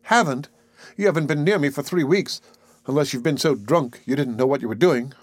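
A man's voice: mid-range voice, a little fast, dry recording, natural voice. A man reading the part of a brash, sardonic young working-class woman who talks back defiantly, recorded dry. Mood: reproachful. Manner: defiant, snappish.

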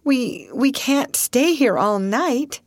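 A woman's voice: sits high, animated, takes it slowly, no echo, studio quality, pitched above the performer's own voice, exaggerated voice. A woman reading the part of a timid, anxious young woman who speaks in a faltering, pleading way. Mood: fearful.

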